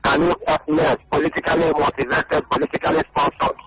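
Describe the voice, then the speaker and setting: A man's voice: a little high, flat delivery, fairly quick, poor audio. A man, a journalist guest on a radio interview, making his points emphatically and repeating them. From Nigeria.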